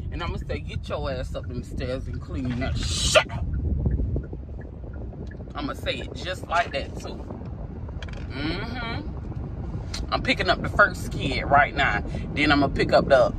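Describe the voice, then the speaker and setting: A woman's voice: low voice, noisy background. A mother venting to her vlog audience from her car, exasperated and swearing. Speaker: vlogger and mother. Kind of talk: ranting vlog. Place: parked car.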